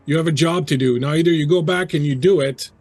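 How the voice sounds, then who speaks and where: A woman's voice: deep voice, fairly even intonation, brisk, dry recording, soft background music, pitched above the performer's own voice, close to an everyday voice. A man voicing a bossy female leader of a dig crew who barks orders. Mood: commanding. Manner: barking orders.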